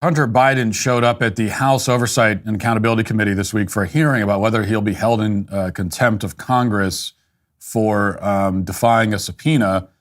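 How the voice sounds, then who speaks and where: A man's voice: fairly low pitch, steady tone, fairly quick. A male political commentator giving a blunt, opinionated monologue, often restarting his sentences. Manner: blunt, dismissive, frequent restarts and fillers.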